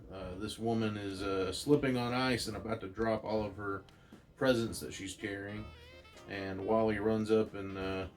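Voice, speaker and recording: Slow, low-voiced man retelling a comic. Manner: loose, filler-heavy retelling. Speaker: comic book reader. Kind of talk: casual read-aloud narration.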